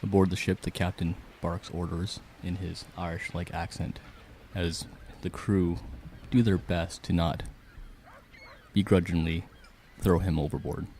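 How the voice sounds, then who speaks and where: A man's voice: sits low, level tone, unhurried, pauses often, mellow, a little hiss or hum. A man narrating a tabletop game as game master, mixing dramatic storytelling with casual rulings for the players.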